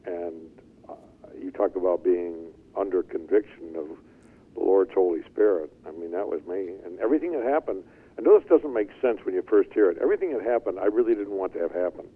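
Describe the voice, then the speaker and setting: Older man, low husky voice, lively storyteller, tinny phone-line sound. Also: fairly quick. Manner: animated, chuckling storyteller. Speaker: interview guest. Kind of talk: storytelling testimony.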